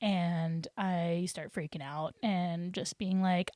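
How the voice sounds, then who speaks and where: A woman's voice: lowish voice, slow pace, hardly any pauses, a little mellow, no echo, clean studio sound. A young adult woman telling a personal story on her podcast in a rambling, chatty way with many restarts. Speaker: podcast host.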